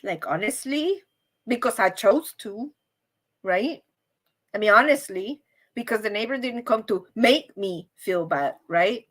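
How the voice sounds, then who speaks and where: Bright, high-voiced chatty woman host. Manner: chatty, repeats "right?" often; animated, acts out quoted voices. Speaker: livestream host. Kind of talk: casual livestream chat.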